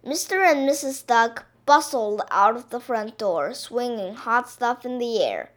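Slow, expressive woman reading a storybook. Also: on the high side. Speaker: picture-book reader.

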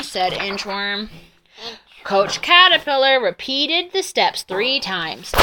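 A woman reading a children's picture book aloud in a slow, expressive storytelling voice. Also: medium pitch, a little hiss or hum. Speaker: reader.

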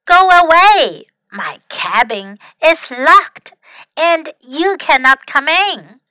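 A woman's voice: high-pitched, takes it slowly, pushed and bright, dry recording, voice pushed up, exaggerated voice. A woman voicing a cross, curt male rat in a bilingual storybook reading. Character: grumpy male rat hiding in a cabin.

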